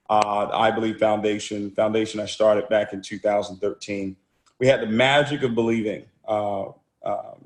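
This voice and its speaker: A man giving a motivational talk and telling a story, speaking energetically and often repeating words as he restarts phrases. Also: mid-range voice. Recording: roomy echo.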